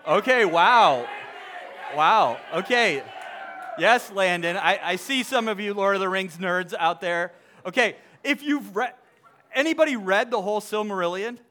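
Bright, high-voiced man polling a crowd. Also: lively intonation. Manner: halting restarts, audience polling. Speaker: speaker addressing a live audience. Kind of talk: lively talk to a crowd, reading aloud.

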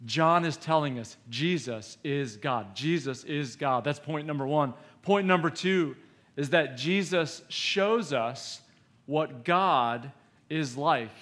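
A man's voice: fairly high pitch, slow pace, a bit bright. A man giving an emphatic sermon at a youth camp, asking his listeners questions as he explains scripture. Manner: emphatic, asks the audience questions.

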